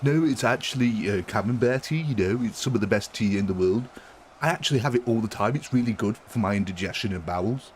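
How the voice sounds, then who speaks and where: A man's voice: fairly low pitch, quick pace, slight background noise, natural voice. A man putting on a pompous posh London man with a posh London accent. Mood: snooty. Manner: pompous, snooty.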